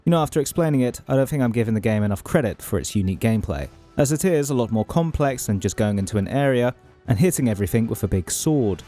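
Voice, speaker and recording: A man's voice: mid-range voice, expressive, fast talker, dark tone, soft background music. A man from Europe hosting a scripted video essay, narrating with wry, self-deprecating asides.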